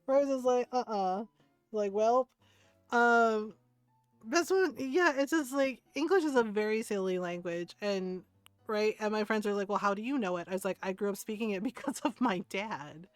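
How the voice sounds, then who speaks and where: A woman's voice: medium pitch, no echo. A woman game streamer chatting casually on a close desk mic, telling stories in a rambling way with many filler words and frequent laughs. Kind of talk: casual stream chat, storytelling.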